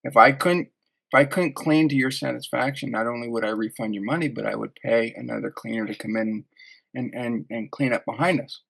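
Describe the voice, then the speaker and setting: A man hosting a podcast, talking in a relaxed, conversational way about his own business. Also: medium pitch, fairly quick, vocal fry. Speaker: podcast host. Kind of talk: casual interview chat.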